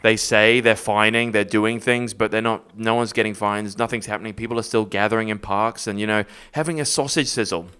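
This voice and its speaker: A man's voice: fairly low pitch, fairly quick, few pauses, clean tone. A middle-aged man co-hosting a casual podcast, joking and swearing freely as he talks. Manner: jokey, animated, swears freely. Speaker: podcast co-host.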